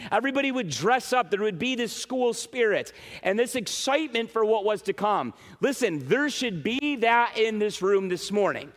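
A man preaching a sermon as pastor, emphatic and animated, speaking straight to his congregation. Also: high-pitched, in a large hall. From western New York.

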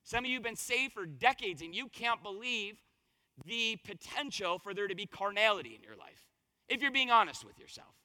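A man preaching a conversational sermon as pastor, his voice a little hoarse, telling stories and asking the congregation questions. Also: high voice, sing-song, normal speed, pushed and bright, in a large hall. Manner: conversational, storytelling with rhetorical questions. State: slightly hoarse voice.

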